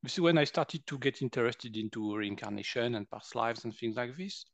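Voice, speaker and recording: A man in his fifties from France, a guest energy healer, tells stories from his own life in conversation, with a French accent. He is animated, often laughing and dramatizing quotes. His mid-range voice runs a little fast, without any echo.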